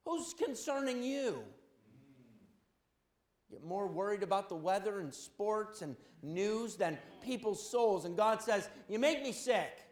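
Animated preacher man in an echoey room. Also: high-pitched, slow. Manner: animated, swings between loud exhortation and quiet anecdote. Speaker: pastor. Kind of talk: sermon.

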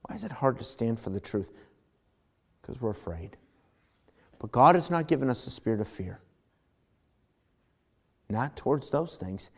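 A middle-aged male pastor preaching a sermon, swinging from loud emphatic lines to hushed ones. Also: medium pitch, lively intonation, moderate pace, pauses often.

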